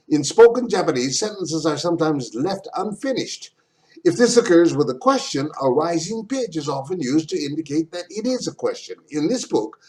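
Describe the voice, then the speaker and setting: Man, language teacher, casual lesson, playful, lively pitch. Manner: playful, repeats words aloud for students.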